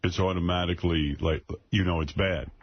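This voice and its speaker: A man's voice: low-pitched, fairly even intonation, fairly quick, slight background noise. A man hosting a radio show, talking casually and mocking a bad film clip with his co-hosts. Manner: sarcastic, mocking. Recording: slightly dull radio broadcast sound.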